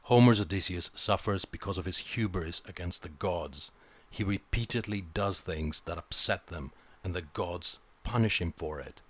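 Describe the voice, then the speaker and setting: A man's voice: low voice, normal speed. A man giving an opinionated film review, blunt and sarcastic, swearing freely.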